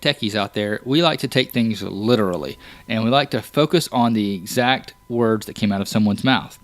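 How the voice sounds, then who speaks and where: A man's voice: medium pitch, a bit bright, no room sound. A man hosting a podcast, talking casually and explaining ideas with everyday examples, often restarting his words. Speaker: podcast host. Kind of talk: casual solo podcast talk.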